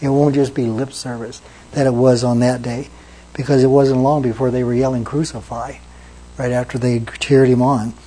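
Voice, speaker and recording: A pastor preaching an evening sermon in an earnest way, quoting scripture and dropping his voice low when he repeats a name. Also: little pitch movement, moderate pace, poor audio. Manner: earnest, repeats names softly for emphasis.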